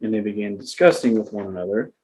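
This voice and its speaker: A man's voice: lowish voice, animated, fast talker, darkish tone, low-quality recording. Man reading scripture with jokey asides. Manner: reads scripture aloud, breaks in with jokes. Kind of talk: casual Bible reading and chat.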